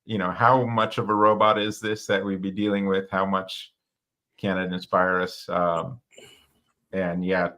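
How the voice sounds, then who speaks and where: A man's voice: deep voice, little pitch movement, a little slow, bright, forceful tone. A man co-hosting a podcast, speaking reflectively and thinking ideas through aloud. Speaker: podcast co-host. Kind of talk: casual discussion.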